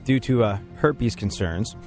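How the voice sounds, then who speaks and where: A man's voice: on the low side, lively intonation, a little slow, a little mellow, soft background music. A man hosting a radio show, rambling through jokes and laughing often. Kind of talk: casual banter on a radio show.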